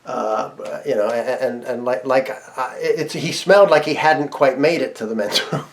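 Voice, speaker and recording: A man's voice: medium pitch, moderate pace. A man casually telling a personal story, laughing often and restarting his sentences. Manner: chatty, laughs often, frequent restarts and fillers. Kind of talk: casual anecdote.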